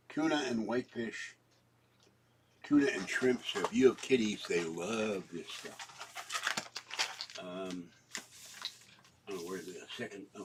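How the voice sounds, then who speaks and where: A man's voice: fairly low pitch, a little hiss or hum, rough recording. An older man with a cough, chatting casually and rambling through his shopping haul at home, with fillers and frequent coughing fits.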